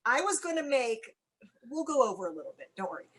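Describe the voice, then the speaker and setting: A woman with a somewhat high-pitched voice, chatting as the guest in an interview. She rambles through her stories and fills them with "like"s and restarts. Her humor is wry and blunt. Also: very animated, fast talker, crowd noise. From United States (Cincinnati). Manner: chatty, rambling, with frequent "like"s and self-corrections. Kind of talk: casual chat.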